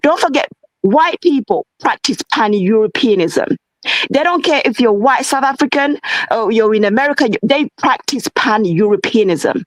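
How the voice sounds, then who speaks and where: A woman's voice: fairly high pitch, lively intonation, normal speed, no room sound, poor audio. A woman in an impassioned discussion, talking fervently, asking rhetorical questions and lecturing her listeners. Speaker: guest.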